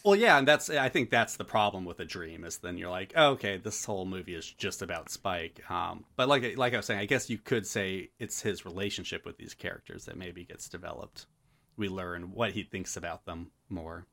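A man co-hosting a casual podcast chat, animated and quick to act out characters. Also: low voice, gravelly. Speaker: podcast co-host.

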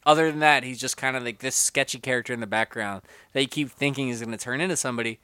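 A man's voice: mid-range voice, fast talker, pushed and bright, clear, resonant tone, dry recording, clean studio sound. A man hosting a casual movie podcast, talking animatedly and slipping into mocking character voices. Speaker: podcast host.

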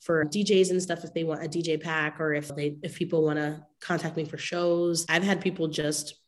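A woman's voice: deep voice, level tone, normal speed. A young woman guest artist in a casual chat, bubbly and chatty, laughing easily. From Las Vegas.

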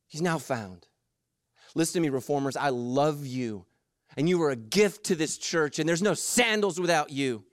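A man preaching a sermon, animated and jokey, acting out the story's voices. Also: fairly high pitch, moderate pace, dry recording, clean studio sound. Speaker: pastor.

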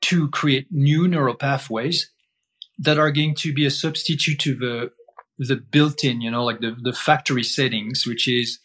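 Man, middle pitch, emphatic, repetitive, rhetorical questions, explaining as a guest. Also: steady tone, normal speed, fairly bright tone. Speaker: guest breath-holding teacher. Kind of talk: explaining in conversation.

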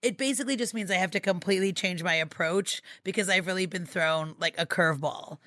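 Bright-voiced comedian telling stories, dry sound. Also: female voice, lowish voice, a little fast, no echo. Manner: animated storyteller acting out her own exchanges. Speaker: warmup comedian. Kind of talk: casual podcast chat, storytelling.

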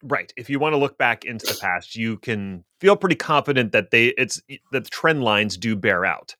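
A man's voice: medium pitch, animated, normal speed, sharp tone, no room sound. Dry-humored man co-hosting a podcast. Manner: dry self-deprecating humor, explanatory. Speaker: podcast co-host. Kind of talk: casual tech podcast chat.

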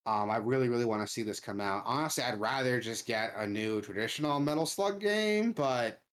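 A man's voice: mid-range voice, expressive, brisk, fairly bright tone. Profane ranting man in gaming chat. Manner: loose, profane ranting with lots of "like". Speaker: podcast co-host.

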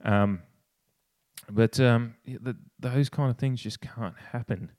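Speaking slowly in a darkish tone with no echo, a man co-hosts a casual podcast full of opinions. He talks with passion and swears, frequently restarts his sentences, and mimics other people in a higher voice.

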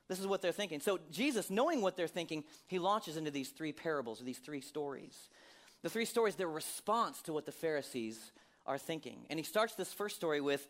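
High, lively male pastor preaching. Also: fairly quick. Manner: conversational, asks many rhetorical questions, laughs often. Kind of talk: sermon.

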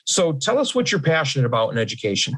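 A man's voice: mid-range voice, sing-song, fast, a bit bright, slightly rough. A man hosting a podcast interview, reading a guest introduction and then chatting in a friendly, slightly formal way, laughing easily. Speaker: podcast host.

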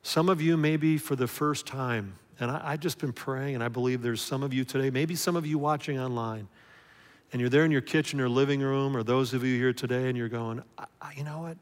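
A man preaching a sermon to his congregation, acting out a story's characters and moving from loud, lively telling to quiet, hushed appeals. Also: medium pitch, fairly quick. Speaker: pastor. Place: church sanctuary. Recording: long hall reverb.

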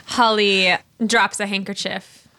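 A woman plays her character in a tabletop role-playing game. Her voice is bright and sharp. She talks in a playful, giggly way. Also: medium pitch, little pitch movement, slow, clear, resonant tone. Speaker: player.

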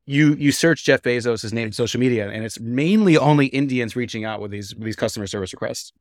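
A man's voice: mid-range voice, quick pace, dry recording, clean studio sound. A man hosting a casual podcast, posing questions to his co-hosts in a rambling way and restarting his sentences often. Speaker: podcast host.

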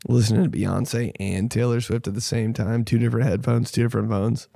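A male comedian rants casually on his podcast, swearing freely and losing his train of thought. He keeps breaking into loud, high mocking voices. The voice sits at a middle pitch and is recorded close and dry, with no room sound. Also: level tone, a little fast, gravelly, hardly any pauses, no room sound. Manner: profane, rambling, jumps into loud mocking voices.

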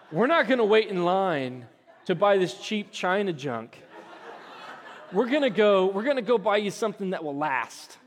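Middle-aged male pastor, high voice, casual storytelling sermon, echoing church hall. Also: normal speed. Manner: chatty storytelling with self-deprecating laughs.

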